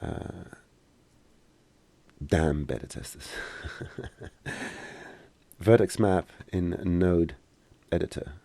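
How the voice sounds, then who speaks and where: Low gravelly man. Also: drawn-out words, pauses often, dark tone. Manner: casual, joking, hesitant with many fillers. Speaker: software instructor. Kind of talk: live-streamed tutorial Q&A.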